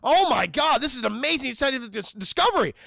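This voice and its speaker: An excitable, fussy biology teacher, as a man puts him on. The voice sits high and rasps with heavy fry, and the recording is dry and bright. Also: fast, dry recording, heavily acted. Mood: eager. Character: eager nerdy male biology teacher.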